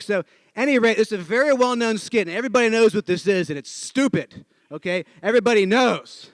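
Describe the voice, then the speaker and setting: A man from the northeastern United States tells a personal story to a live audience, acting out every character with animated energy. His voice sits high and he talks briskly, barely pausing. There's no room sound on the recording.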